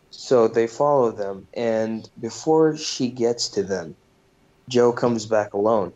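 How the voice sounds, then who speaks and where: A man recaps a movie's plot at an unhurried, drawn-out pace, loose and profane, with plenty of ums and uhs. His voice is dark and mellow, and the recording sounds dull and lo-fi. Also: mid-range voice. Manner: loose and profane, with frequent fillers. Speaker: podcast host.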